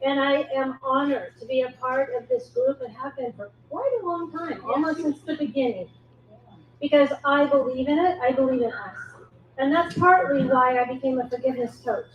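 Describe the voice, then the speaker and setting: Earnest woman coach, echoey room. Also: sits high. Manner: earnest, encouraging, measured. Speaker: forgiveness coach, sponsor. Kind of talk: earnest speech to a live audience. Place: echoey event room at a wine cellar. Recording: echoey room, muffled sound, faint noise.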